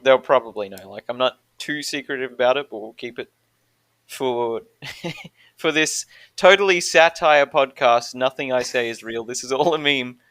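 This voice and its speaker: A man's voice: medium pitch, normal speed, a bit bright, no room sound. A young Australian man with an Australian accent, a podcast guest chatting casually, joking and laughing often at his own lines. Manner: laughs often, jokey and self-mocking.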